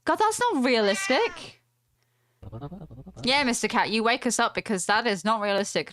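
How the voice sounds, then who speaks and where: Her voice is a little high and fairly bright, animated at a normal speed with frequent pauses, and the recording is dry. The British woman hosts a gaming video from home, chattily reading out the game's text with plenty of giggles and playful asides.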